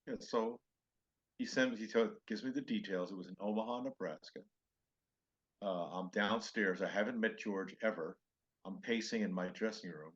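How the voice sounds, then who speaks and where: An older male comedian with a low, husky voice tells stories from his career. He jumps into quoted voices and back, and the sound is dull and lo-fi. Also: moderate pace. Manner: animated anecdotes with acted-out quotes. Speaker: comedian guest. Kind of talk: storytelling interview chat.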